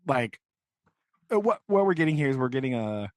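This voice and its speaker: A man's voice: mid-range voice, sing-song, a little fast, no room sound. Rambling young man recapping a book. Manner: rambling, filler-heavy, keeps asking "right?". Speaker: podcast co-host. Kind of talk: casual book discussion.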